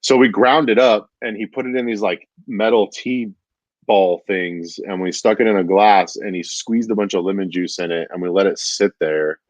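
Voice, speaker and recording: On the low side and at a moderate pace, a comedian wanders through a story in casual chat, constantly saying "dude" and scattering "like" and other fillers throughout. The recording is dry, dull and lo-fi.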